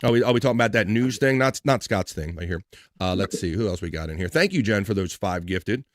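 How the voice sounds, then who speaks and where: A man's voice: fairly low pitch, lively intonation, quick pace, no echo. Upbeat man hosting a livestream. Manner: upbeat, shout-outs to chat, radio-style. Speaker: livestream host. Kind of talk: casual chat show hosting, reading chat.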